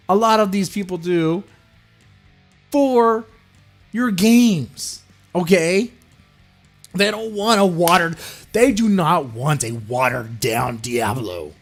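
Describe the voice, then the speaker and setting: A man hosting a podcast, ranting crudely and profanely, mocking others in sudden loud put-on voices. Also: high voice, slow, pauses often, soft background music. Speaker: podcast host. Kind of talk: ranting solo podcast commentary.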